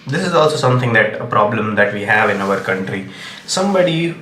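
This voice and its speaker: A man's voice: fairly low pitch, animated, brisk, a bit bright, echoey room, slight background noise. A man with an Indian English accent delivering a solo opinion monologue, emphatic and repeatedly checking "okay?" to press his points. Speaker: commentator.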